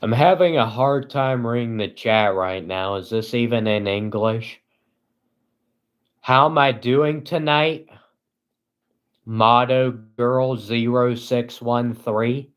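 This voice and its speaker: A man chatting casually on a live stream, reading his chat and answering in a sarcastic, deadpan way, rambling with lots of "uh"s. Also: medium pitch, slow pace, clean tone. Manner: rambling, with frequent filler "uh".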